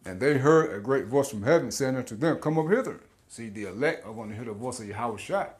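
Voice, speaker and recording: A man's voice: medium pitch, expressive, fast. A man, giving an informal scripture teaching as a street preacher, slangy and laughing often, with repeated words.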